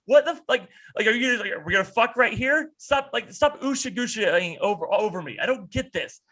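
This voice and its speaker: A man co-hosting a podcast over a video call, ranting in an animated, profane way and slipping into mocking impressions. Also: high-pitched, fairly quick. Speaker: podcast co-host.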